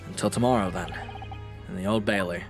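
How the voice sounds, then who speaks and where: A cold, stern young rival prosecutor who speaks low, slow and measured, as a man reads his game lines. He sounds quietly menacing. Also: music in the background, lightly acted.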